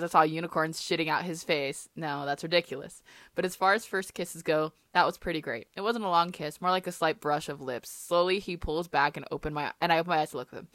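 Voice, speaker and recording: A woman's voice: fairly low pitch, bright, forceful tone, no room sound. A young woman co-hosting a podcast, reading her own teenage fan fiction aloud and breaking off for wry, self-mocking asides. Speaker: podcast co-host.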